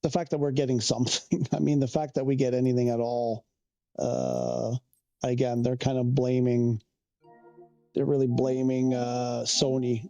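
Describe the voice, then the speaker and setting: A man's voice: medium pitch, dark tone. A man from Canada, chatting casually on a livestream, rambling and restarting as he answers viewers' questions. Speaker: streamer.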